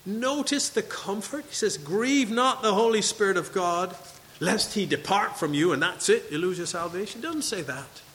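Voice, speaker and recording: A man's voice: high voice, expressive, moderate pace, fairly bright tone, long reverb tail, slight background noise, rough recording. A man preaching a sermon to his congregation, reading scripture and asking questions. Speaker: pastor. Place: church sanctuary.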